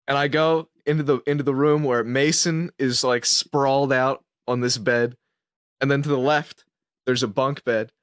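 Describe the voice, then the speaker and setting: In casual podcast storytelling among friends, a young co-host tells a tale, acting out his own lines and laughing along. His mid-range voice is fairly bright, clear and resonant at normal speed, in a studio-quality recording with no room sound.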